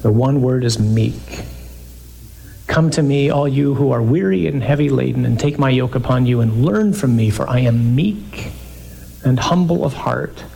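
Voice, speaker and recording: A man's voice: mid-range voice, normal speed, creaky. A man preaching a sermon, reading scripture aloud and explaining it with emphasis and jokes. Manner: animated, emphatic, jokes with the listeners.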